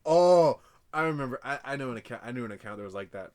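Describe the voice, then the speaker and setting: A young man chatting casually on a podcast, quick to laugh and crack jokes. His pitch swings widely as he talks, and he sounds like he's in a bedroom. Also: animated, a little mellow. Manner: joking, laughs often, does silly voices. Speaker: podcast co-host. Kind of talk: casual chat.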